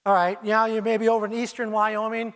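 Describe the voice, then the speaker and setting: An older man with a fairly high voice gives a presentation in an auditorium. He speaks to the audience as "you," pulling them into little stories. Every so often he breaks into imitations of owl calls. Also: monotone, a little fast, a bit bright. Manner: storytelling, addresses listeners as you, mimics owl calls. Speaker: owl researcher giving a festival talk. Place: arts center auditorium.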